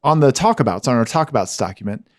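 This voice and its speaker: A man with a high-pitched voice co-hosts a casual podcast chat. His delivery is animated and swings widely in pitch. He keeps the talk moving with quick yeahs and okays at a middling pitch for a man. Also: dry recording. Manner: animated, chatty, frequent back-channel yeahs. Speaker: podcast co-host.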